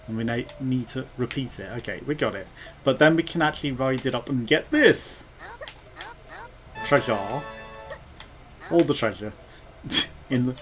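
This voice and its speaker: A man's voice: medium pitch, lively intonation, measured pace, a bit bright, a little hiss or hum. A man giving casual gameplay commentary as a let's play gamer, chatty and thinking aloud with muttered asides.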